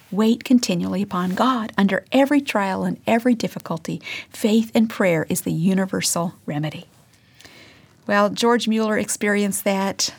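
A woman giving a devotional Bible teaching, earnest, reading passages aloud and dropping to a hush for emphasis. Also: medium pitch.

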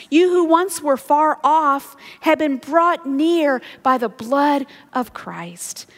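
High-voiced woman preaching in a reverberant hall. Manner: earnest and animated, with self-deprecating asides. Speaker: Bible teacher. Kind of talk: sermon.

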